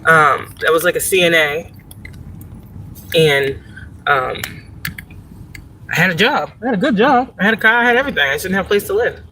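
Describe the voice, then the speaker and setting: A woman's voice: fairly low pitch, animated, moderate pace, long pauses, sharp tone, slight background noise, rough recording. A woman chatting casually on a live stream while driving, profane and rambling, laughing often. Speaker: spiritual vlogger. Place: in a car, driving. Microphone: phone.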